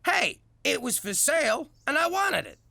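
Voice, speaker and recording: An actor voicing a gruff, doting mobster father in an adult cartoon, blustery and quick to shout before softening. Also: high voice, big pitch swings, no room sound, heavily acted. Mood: weary. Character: gruff mobster dad, doting and hot-tempered.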